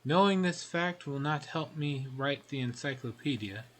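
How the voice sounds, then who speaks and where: A man's voice: fairly high pitch, animated, normal speed, lightly acted. Man reading as an aloof fox-spirit scholar lady. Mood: dry, aloof. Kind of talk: reading game dialogue aloud.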